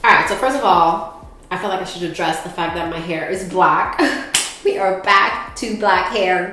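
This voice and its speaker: A woman's voice: lowish voice, a little slow, a bit bright, slight background noise. A young woman with a congested, stuffy voice, chatting playfully with her viewers in a casual hair tutorial. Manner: playful, sassy asides to viewers. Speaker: hair vlogger.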